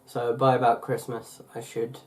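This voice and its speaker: Young male vlogger, mid-pitch, chatty and meandering, lots of fillers and self-corrections. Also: level tone, normal speed. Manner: rambling, full of fillers and restarts. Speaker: YouTuber. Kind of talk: casual vlog chat.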